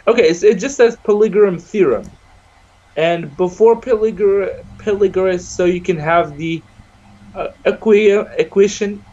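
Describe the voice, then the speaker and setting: A young man co-hosting a casual podcast over a video call, loud and slangy, swearing and laughing often. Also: high voice, moderate pace, highs cut off. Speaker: podcast co-host.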